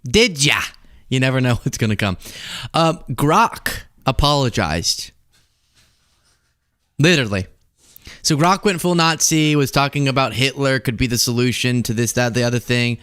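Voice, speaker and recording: Laughing political commentary host, dry mic. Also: male voice, mid-range voice, expressive, moderate pace, fairly bright tone, clean tone, no echo. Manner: laughing, loose, swearing for comic effect.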